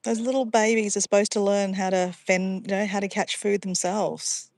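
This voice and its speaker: A woman's voice: medium pitch, fairly even intonation, moderate pace, darkish tone, no echo, clean studio sound. An Australian woman chatting casually to livestream viewers outdoors by a pond, easily sidetracked and calling her viewers guys. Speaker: livestream vlogger.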